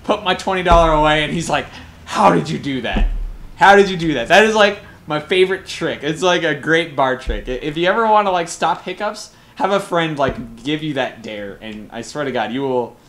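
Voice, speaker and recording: A young man from Colorado, a game caster telling rambling, excited stories between plays in casual chat, with frequent swearing. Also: a little high, normal speed. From Colorado, USA. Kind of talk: casual storytelling during a game broadcast.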